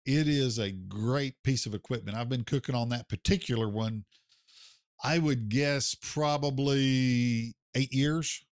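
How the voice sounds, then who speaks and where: Folksy plainspoken American pitmaster. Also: male voice, medium pitch, measured pace, no echo, clean studio sound. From United States. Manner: folksy, plainspoken, says sir. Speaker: guest, barbecue pitmaster. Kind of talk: casual interview chat.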